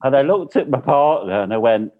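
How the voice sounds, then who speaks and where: A British man telling a lively anecdote in casual chat, laughing as he goes. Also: medium pitch, brisk. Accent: British English. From Britain. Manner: chatty storyteller, laughs often. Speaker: guest. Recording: phone-like narrow sound.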